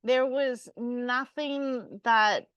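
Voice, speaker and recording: A woman co-hosting a spiritual podcast in casual chat, animated, laughing and swearing freely. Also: on the high side, very slow, smooth, no echo, lo-fi sound. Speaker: podcast co-host.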